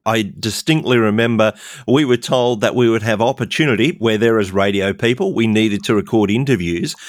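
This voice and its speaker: A man, a radio presenter recalling a trip in a measured, reflective way and asking his co-hosts questions. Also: on the low side, no echo, studio quality. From Australia. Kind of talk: conversational podcast reminiscing.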